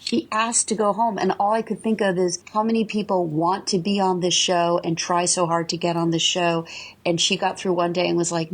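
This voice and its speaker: A woman's voice: medium pitch, steady tone, moderate pace. A woman from Maine calling in to a fan podcast with a chatty, opinionated review, exclaiming and laughing as she goes. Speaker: caller. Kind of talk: recorded voicemail fan review.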